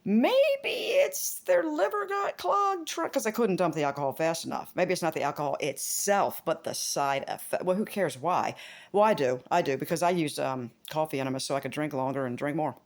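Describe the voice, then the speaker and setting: A woman vlogger talking in a casual, rambling monologue, swearing and laughing often, with big jumps in pitch. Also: a little fast, darkish tone.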